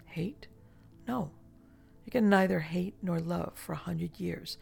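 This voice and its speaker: A reader plays an ageless castaway woman who no longer feels love or hate. She speaks languidly and with world-weary detachment, her voice grainy and husky. Faint music sits underneath. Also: medium pitch, takes it slowly, darkish tone, heavily acted. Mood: detached.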